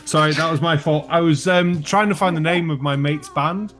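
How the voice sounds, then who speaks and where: A man's voice: fairly high pitch, steady tone, normal speed, fairly bright tone, faint music behind. A man with a Welsh accent from Wales, hosting a casual poker stream and chatting, cursing freely and laughing at bad jokes. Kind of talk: casual chat.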